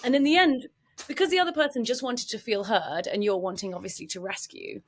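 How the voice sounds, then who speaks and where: Animated woman explaining calmly. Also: fairly high pitch, fairly quick. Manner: animated, acts out quoted speech. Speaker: psychologist guest. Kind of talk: explanatory podcast conversation.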